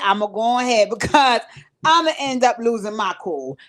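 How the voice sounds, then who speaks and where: Streaming casually from a home recording space, a female host gets emotional and addresses her viewers directly, sometimes tearing up. She speaks at normal speed in a medium-pitched, sing-song, fairly bright voice.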